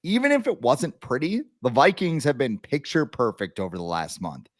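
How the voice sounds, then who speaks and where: With a mid-range voice at a moderate pace and no echo, a young sports podcast co-host talks animatedly. He jokes around casually and does voices when quoting others.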